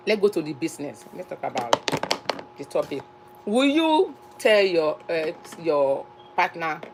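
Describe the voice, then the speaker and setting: A woman's voice: mid-range voice, a little hiss or hum, rough recording. A woman from Nigeria with a Nigerian accent, hosting a casual live stream chat and talking in a chatty, repetitive, emphatic way.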